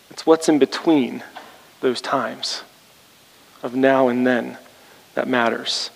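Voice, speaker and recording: A man's voice: fairly even intonation, slow pace, vocal fry, long pauses. Man preaching in an echoing church hall. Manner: rallying, rising in pitch and force when challenging the congregation. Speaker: pastor. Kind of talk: sermon.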